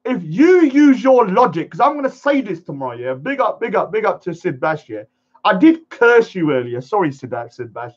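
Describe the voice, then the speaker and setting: A man's voice: sits high, sing-song, normal speed, muffled recording. A man ranting defiantly to camera, acting out pleading voices as he goes. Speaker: vlogger.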